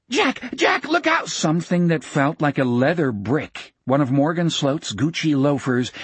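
A man reading an audiobook narration in a measured, expressive way, shifting pace with the action. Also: mid-range voice, slightly rough, no echo.

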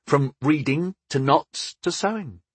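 A man voicing a brisk female captain who speaks approvingly of her young charges. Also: fairly high pitch, slightly rough, no echo, pitched above the performer's own voice.

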